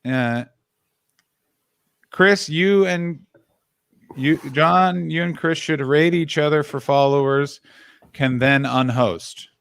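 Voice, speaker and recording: A man's voice: fairly high pitch, slow, vocal fry, pauses often, a bit bright, smooth, dry recording. A man hosting a live stream, chatting casually and reading out follower alerts. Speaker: stream host. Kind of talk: casual chat.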